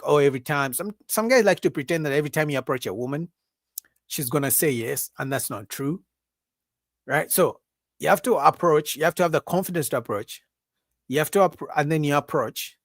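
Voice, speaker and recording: A man talks straight to his livestream audience in an animated, emphatic monologue, repeating himself and tagging lines with "right?". His voice sits fairly high, and the dry recording keeps him close to the mic. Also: no room sound. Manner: animated, acts out women's voices in a high mocking pitch; repetitive, emphatic, asks "right?". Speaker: livestream host. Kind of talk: casual opinion monologue.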